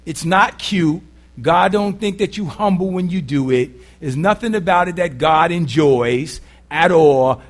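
A pastor preaching a sermon in a blunt, conversational way, often putting rhetorical questions to the congregation. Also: male voice, on the high side. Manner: blunt, earthy phrasing.

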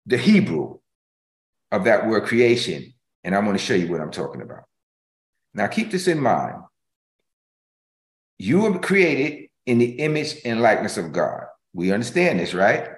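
Lively, emphatic preaching man. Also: medium pitch, echoey room. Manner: emphatic preaching with repeated phrases, swinging between loud and hushed. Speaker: pastor. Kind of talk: sermon.

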